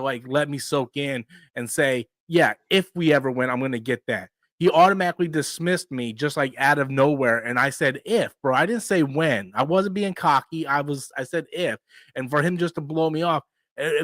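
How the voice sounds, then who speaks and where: A man's voice: a little high, fairly bright tone, dry recording. A man in his forties hosting a casual live stream, ranting animatedly and swearing freely. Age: 40s.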